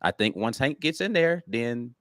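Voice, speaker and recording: A man's voice: mid-range voice, very animated, normal speed, no echo, studio quality. A man co-hosting a sports podcast in a confident, emphatic casual way, calling people "bro.".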